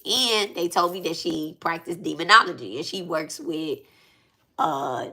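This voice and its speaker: A woman telling a story straight to her viewers in a loose, conversational monologue. Her voice is bright and forceful. She swears freely, talks emphatically and repeats lines to hammer them home. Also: on the low side, normal speed. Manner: profane, emphatic, repeats herself. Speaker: spiritual reader and vlogger.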